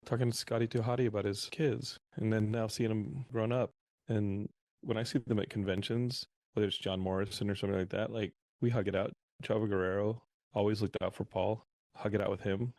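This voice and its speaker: A man on a podcast as a guest, telling animated stories in a casual interview. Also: fairly low pitch, brisk, no echo. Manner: animated anecdotal storyteller.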